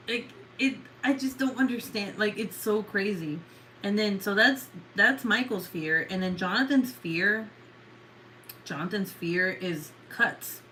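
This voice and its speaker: A woman's voice: mid-range voice, a bit bright, slight background noise, rough recording. A woman in her thirties chatting casually with viewers, swearing, rambling and laughing often. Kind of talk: casual chat.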